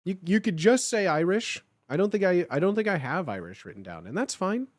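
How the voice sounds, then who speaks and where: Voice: mid-range voice, sing-song, brisk, dry recording, studio quality. Reassuring, repetitive livestreamer in casual chat. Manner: reassuring, repeats itself, blunt and joking.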